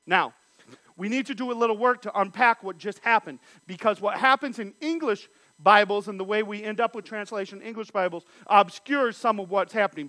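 A man's voice: high-pitched, bright, forceful tone, no echo. A man teaching a Bible study, reading scripture passages aloud and then explaining them.

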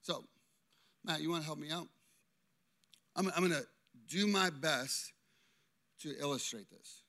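Bright-voiced pastor, animated sermon. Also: male voice, fairly high pitch, measured pace, long pauses. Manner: animated, constantly checking in with "okay?". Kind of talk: interactive sermon.

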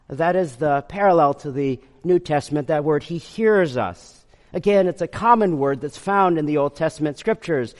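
A man preaching a sermon, slowing to stress scripture and speeding up to explain it. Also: on the high side, big-room sound. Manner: swings from slow emphatic reading of scripture to quick explaining. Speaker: pastor.

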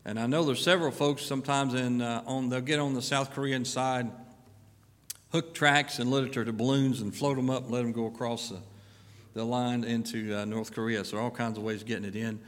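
A middle-aged man, a pastor giving church announcements and then a sermon in a folksy, filler-heavy way with lively rises of emphasis. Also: medium pitch, fairly quick. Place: church sanctuary. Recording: long church-hall reverb.

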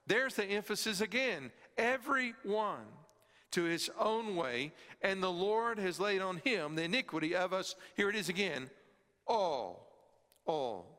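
A man's voice: high-pitched, lively intonation, moderate pace, few pauses, pushed and bright, in a large hall. A man preaching a sermon to a congregation in a church, with emphatic stress on key words. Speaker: pastor. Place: church sanctuary, also filmed. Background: congregation present.

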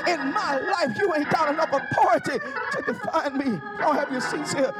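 A man preaching a sermon in a church, emphatic and rising into shouted call-and-response, then dropping to hushed scripture reading. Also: extremely high pitch, lively intonation, fairly quick, over loud music.

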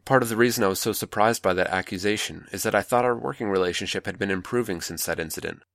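A man voicing a sharp-tempered woman scientist, brisk and defensive, in a dry close recording. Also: fairly low pitch, dry recording. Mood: curt.

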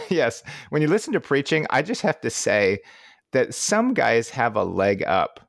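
A man's voice: medium pitch, very animated, unhurried, gravelly, no room sound, clean studio sound. A man with a Midwestern American accent, co-hosting a podcast in casual, rambling chat with frequent laughs and restarts. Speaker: podcast co-host.

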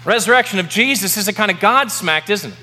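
High-voiced pastor preaching in a hall. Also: male voice, lively intonation, bright, forceful tone. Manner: emphatic, repeats key words slowly for effect. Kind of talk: sermon. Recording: long reverb of a large hall.

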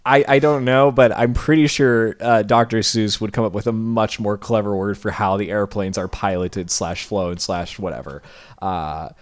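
A man co-hosting a podcast who talks casually with dry, deadpan sarcasm. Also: lowish voice, moderate pace. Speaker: podcast co-host. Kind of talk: casual chat.

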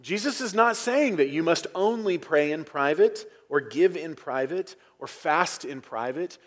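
A male pastor preaching in a church sanctuary. His voice sits a little high for a man, and he delivers the sermon earnestly, pressing hard on key phrases and then dropping to a near whisper for effect. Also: lively intonation, a little slow.

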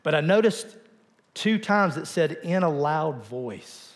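A male pastor giving a conversational sermon in a church, asking the congregation questions and dropping to a quiet voice for emphasis. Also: on the high side, expressive, slow pace, in a large hall.

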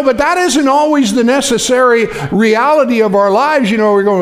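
A man preaching a sermon as pastor, in a folksy, conversational way full of fillers that builds up into shouted emphasis. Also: very high-pitched, animated, normal speed, few pauses.

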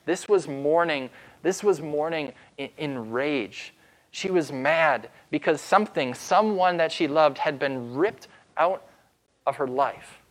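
A man preaching as pastor, retelling a story with dramatic pauses and slowing down for emphasis. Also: on the high side. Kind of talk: sermon.

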